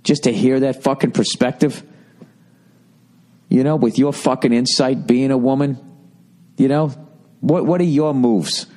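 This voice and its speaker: A man's voice: medium pitch, fairly even intonation, a little slow, pauses often, dark tone. A man hosting a comedy podcast, ranting casually and profanely while reading listener letters. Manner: profane, rambling, sarcastic. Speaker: podcast host.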